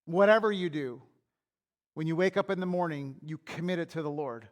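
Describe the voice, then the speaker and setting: A man's voice: a little high, fairly quick. A man preaching a sermon as pastor in a church, telling candid personal stories in a conversational way and repeating words as he builds a point. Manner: repeats and restarts words when worked up.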